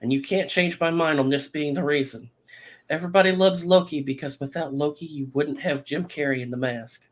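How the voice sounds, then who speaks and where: A man on a casual podcast stating a tongue-in-cheek theory as if it were settled fact. His voice sits a little high, and his delivery is firm and mock-serious. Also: brisk. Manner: mock-serious, declarative joking. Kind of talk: casual chat, mock-serious hot take.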